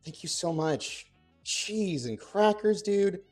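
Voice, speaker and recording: A young man chats his way through a cooking stream, his voice sitting a bit on the high side. He rambles, restarts and breaks into playful exclamations when he gets excited. Faint music plays quietly behind him. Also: slow. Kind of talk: casual cooking livestream chat. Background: faint background music.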